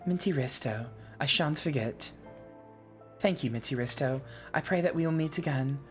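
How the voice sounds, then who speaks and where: A woman voicing a timid, grieving young female adventurer who speaks softly, formally and a little haltingly. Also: deep voice, soft background music, close to an everyday voice. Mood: sorrowful. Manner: soft, halting, formal and polite.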